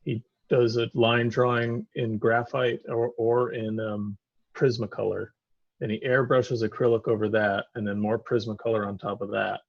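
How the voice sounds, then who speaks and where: A man's voice: on the low side, little pitch movement, moderate pace, creaky, no echo, dull audio. A man co-hosting a live painting stream, chatting casually and rambling through painting technique with lots of fillers. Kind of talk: casual chat while painting.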